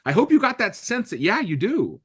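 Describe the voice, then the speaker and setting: Lively joking man leading a chat. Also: high voice, brisk, slightly rough. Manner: lively, joking, asks lots of questions. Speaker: group discussion host. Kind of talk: casual group recap chat.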